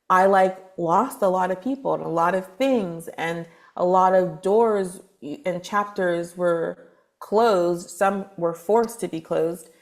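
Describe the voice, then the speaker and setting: A woman from Texas, a spiritual advisor guest, telling her story in a chatty, lively podcast interview with lots of fillers. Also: fairly low pitch. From Texas, USA.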